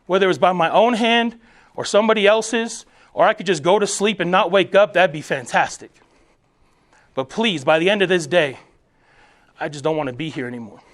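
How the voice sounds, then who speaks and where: A man around forty, a military veteran, giving an emphatic, preacherly motivational speech to soldiers. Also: high-pitched.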